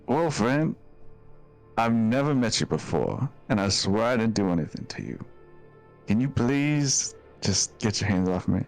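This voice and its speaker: A man doing a streetwise young guy who has lost his memory and talks gruff and a little rough. His voice sits low but swings widely in pitch, with faint music underneath. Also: big pitch swings, a little slow. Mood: nervous. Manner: gruff, streetwise, mildly profane. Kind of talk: tabletop role-play.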